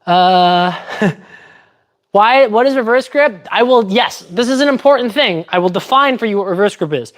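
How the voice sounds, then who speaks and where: A woman's voice: medium pitch, lively intonation, normal speed. A woman chatting casually on a livestream while training fencing, thinking aloud and explaining technique step by step. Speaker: fencer streaming her training.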